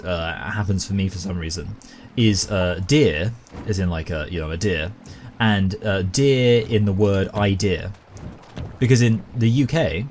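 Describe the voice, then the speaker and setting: A man's voice: on the low side, darkish tone, a little hiss or hum. A man with a British accent chatting casually while he plays a game, rambling through a long-winded, self-aware story. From Britain. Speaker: gaming YouTuber. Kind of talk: casual commentary while gaming.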